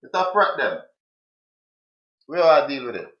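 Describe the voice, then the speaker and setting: A man's voice: medium pitch, sing-song, unhurried. A man commenting on a played clip. He is emphatic and repeats his questions to drive the point home. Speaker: streamer reacting to a clip. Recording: roomy, dull lo-fi sound.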